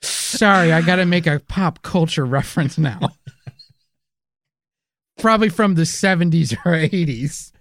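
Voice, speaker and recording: Giggly, teasing podcast co-host. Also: male voice, fairly high pitch, expressive, measured pace, pauses often, fairly bright tone, no room sound, clean studio sound. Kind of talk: casual comedic podcast chat.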